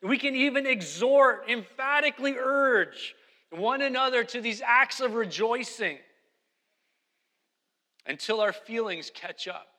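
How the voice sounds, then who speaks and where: A man's voice: extremely high pitch, lively intonation, a little slow, sharp tone, long reverb tail. A man preaching a sermon as pastor, emphatic and repeating key phrases.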